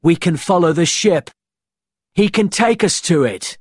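A man's voice: on the high side, animated, measured pace, slightly rough, no room sound, clean studio sound, voice pushed up. A man reading aloud voices a desperate young blacksmith who speaks in a raised, pleading voice. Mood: urgent.

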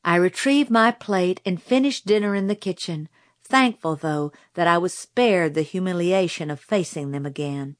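A woman narrating a novel aloud in a measured storytelling manner on a close microphone. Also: lowish voice, no room sound. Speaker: audiobook narrator. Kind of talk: scripted narration.

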